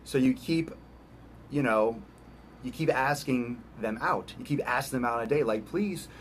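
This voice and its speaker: A man with a medium-pitched voice gives a casual, emphatic fitness coaching talk, repeating his points, questioning the listener, and acting out quick voices. There's slight background noise.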